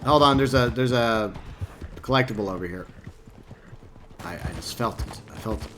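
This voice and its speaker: A man's voice: mid-range voice, normal speed, noisy background. A man live-streaming a game, rambling casually and answering his viewers by name. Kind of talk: casual gameplay stream commentary.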